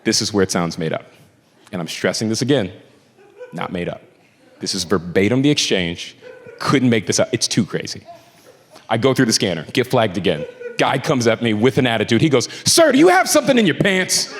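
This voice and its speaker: A man's voice: on the low side, expressive, a little fast, pauses often. A man doing a stand-up comedy set in a club, telling a story with acted-out quotes and growing exasperation. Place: comedy club stage before a live audience. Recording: roomy hall with a laughing crowd. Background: crowd laughter.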